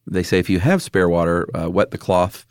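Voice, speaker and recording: Deep-voiced jokey podcast co-host, man. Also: brisk, clean tone, no room sound, studio quality. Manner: jokey, laughs often, reads from notes. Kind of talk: casual podcast chat.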